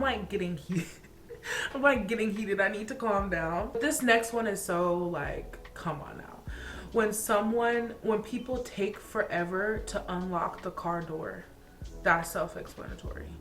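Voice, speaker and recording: A young woman from Atlanta, Georgia, vlogging in a casual, chatty way, ranting about things that annoy her, full of laughs and filler words. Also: mid-range voice. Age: young adult. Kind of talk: casual chat.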